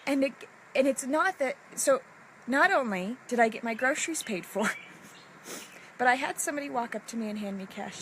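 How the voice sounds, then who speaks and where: A woman giving a live-streamed motivational talk to her group, emotional and halting, often repeating herself. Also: fairly high pitch, expressive, a bit bright, a little hiss or hum. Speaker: women's group leader.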